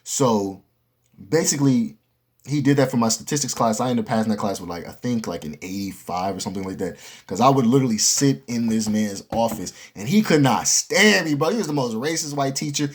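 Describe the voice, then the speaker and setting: A young man tells a story straight to camera in a loose, casual way. He talks in a lively, slangy style, swears freely and keeps turning to the viewer with quick asides. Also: medium pitch, slightly rough. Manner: animated, slangy and profane, with frequent asides to the viewer. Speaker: vlogger telling a story.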